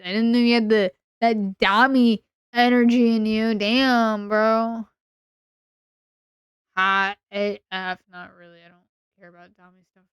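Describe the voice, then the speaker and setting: A woman's voice: on the high side, steady tone, measured pace, smooth, no echo. Sleepy, teasing woman streamer. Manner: rambling, playful, teasing. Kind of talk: casual late-night stream chat.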